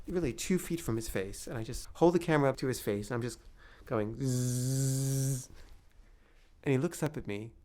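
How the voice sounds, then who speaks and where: A man's voice: mid-range voice, darkish tone. A man tells a comic anecdote in a casual, confessional way. He stammers and restarts often and sounds nervous. His voice sits in a mid range. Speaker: filmmaker telling an anecdote. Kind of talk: comic first-person storytelling.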